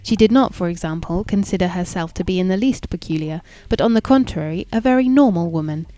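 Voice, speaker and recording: A woman narrating a classic novel in a measured, even and formal reading. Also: fairly low pitch, no room sound. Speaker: audiobook narrator.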